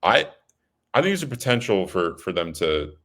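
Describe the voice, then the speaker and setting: A young man with a very deep voice co-hosts a sports podcast in casual chat. He talks in a loose, laid-back way, full of fillers and restarts. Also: very animated, normal speed, fairly bright tone. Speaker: co-host.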